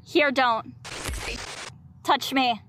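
A woman acting as a medium on an outdoor ghost hunt, relaying spirit box words in halting, drawn-out fragments. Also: sits high, fairly bright tone, slight background noise. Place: outdoors in a park at night.

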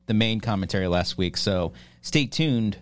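A man's voice: on the low side, normal speed. A man co-hosting a podcast, joking and acting out bits in casual chat. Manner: animated, jokey, acting out bits. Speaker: podcast co-host.

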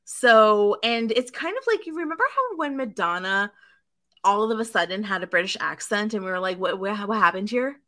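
A woman co-hosting a podcast, recapping a show in a chatty, animated way with lots of fillers. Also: mid-range voice, moderate pace. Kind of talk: casual chat.

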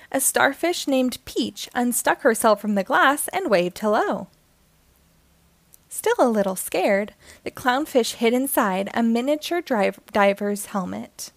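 A woman's voice: a little high, vocal fry, dry recording. Dry, close woman reading a children's storybook. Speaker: children's book reader. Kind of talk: reading a picture book aloud.

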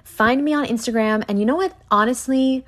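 A young woman hosting a solo podcast, ranting with heavy profanity and swinging between hushed asides and loud outbursts. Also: on the high side, a little fast. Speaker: podcast host.

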